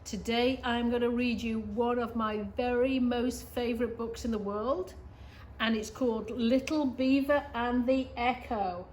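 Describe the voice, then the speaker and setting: Middle-aged woman, storytime reader, lively and bright, faint background hiss. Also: a little high, measured pace. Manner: expressive, gasps, asides to young listeners. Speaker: reader for schoolchildren. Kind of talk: picture-book read-aloud.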